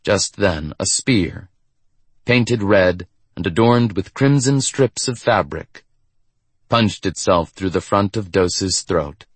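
A man with a fairly low voice reads a novel aloud in a measured, steady way. The recording is dry and close, with no room sound. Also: husky, dry recording. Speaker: audiobook narrator. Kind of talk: scripted narration.

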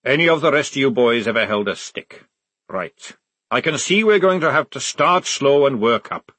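A gruff, loud male drill sergeant, put on by a man reading a storybook. He barks orders with a husky edge and lively swings in pitch, recorded close and dry. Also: moderate pace, no echo. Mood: commanding.

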